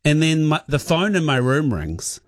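A man's voice: on the high side, big pitch swings, moderate pace, no echo. Dry radio host New man telling a story. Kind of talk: casual radio banter.

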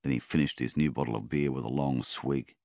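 A man reading a novel aloud as an audiobook narrator, measured and even. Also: rumbling low, creaky, no room sound, studio quality. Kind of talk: scripted narration.

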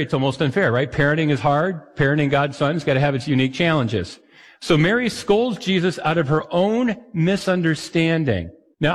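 A man pastor preaching a conversational sermon, often asking his listeners questions. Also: a little high. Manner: conversational, asks the audience questions. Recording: long hall reverb.

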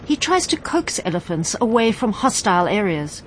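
A woman narrates a news report in a measured, steady voice. Her pitch sits in the middle of the range, and there is a faint hum of ambience behind her. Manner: measured, even delivery.

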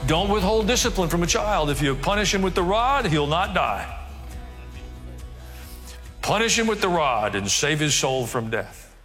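A man's voice: high-pitched, sing-song, unhurried, pauses often, fairly bright tone, soft background music. A male pastor preaching a sermon, dropping wry asides and acting out quoted voices. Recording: long reverb of a large hall.

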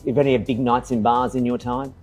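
A man interviewing a guest in casual chat, teasing and firing quick questions. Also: medium pitch, little pitch movement, darkish tone, soft background music. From Australia.

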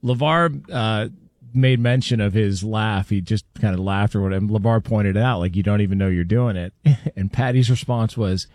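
A man hosting a sports talk radio show, teasing what is coming up in a brisk, upbeat way on a studio mic. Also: fairly low pitch, a little mellow, dry recording. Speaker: radio host.

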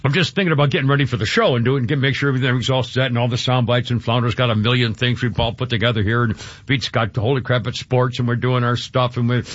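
A man's voice: medium pitch, fairly even intonation, quick pace, few pauses, a bit bright, dry recording, highs cut off. A man hosting a talk radio show, emotional and rambling, with many restarts and fillers.

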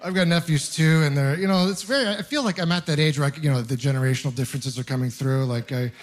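Young male stand-up comic from Ontario, high-pitched and animated, on a club stage mic. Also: fast. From Ontario, Canada. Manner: animated storytelling, playful and self-mocking. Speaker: stand-up comedian. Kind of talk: stand-up comedy set. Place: comedy club stage with laughing audience.

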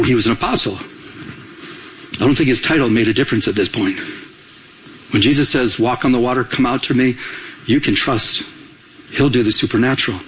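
A man's voice: medium pitch, slight background noise, low-quality recording. A man preaching as a pastor, emphatic, repeating key phrases and asking the congregation questions. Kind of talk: sermon.

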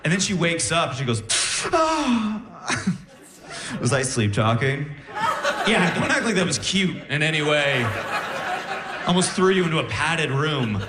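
A man performing a stand-up comedy routine, telling a story with animated delivery and acted-out voices. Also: on the high side, moderate pace. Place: comedy stage with live audience. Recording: echoey live venue.

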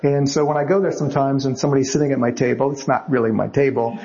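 A man's voice: medium pitch, fairly even intonation, fast talker, warm tone, lo-fi sound. A man who writes novels, telling anecdotes in a wry, chatty way as an interview guest. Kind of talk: anecdotal storytelling.

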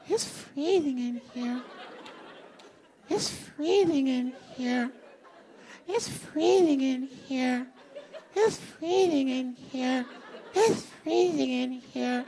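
A man's voice: animated, drawn-out words, creaky, pauses often, heavily acted. A male comedian voicing a nagging, clingy woman who complains she is always cold. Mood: whiny. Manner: nagging, repetitive, shrill. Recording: live club, loud crowd and noise.

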